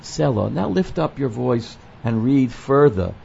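Male Torah teacher, gravelly and mellow, readings, explanatory lesson delivery, dull lo-fi recording. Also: medium pitch, sing-song, unhurried. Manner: explanatory, quotes the Hebrew text and then translates it. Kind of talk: verse-by-verse scripture lesson. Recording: dull lo-fi recording with faint noise.

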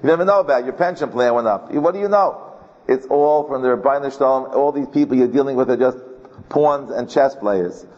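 A man's voice: medium pitch, brisk, a little mellow. A man teaching a Torah class as a rabbi, telling a personal story in a chatty way, often repeating words and chuckling. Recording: dull recording in a reverberant hall.

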